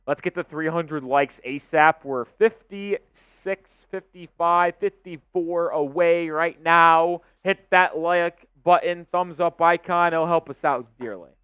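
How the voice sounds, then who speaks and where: A man hosting a live sports stream, calling play-by-play and getting excitable on big plays. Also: fairly high pitch, slow pace, few pauses, clean tone, dry recording, highs cut off.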